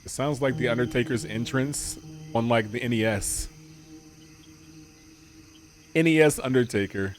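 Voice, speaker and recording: A man at a middle pitch reads story text from a game in a slow, measured way, then drops into loose, joking chatter with his viewers. His voice sits right in the usual range for a man. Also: soft background music. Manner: slow, deliberate reading of narration, jokey asides. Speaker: gaming streamer. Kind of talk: reading game text aloud with casual commentary.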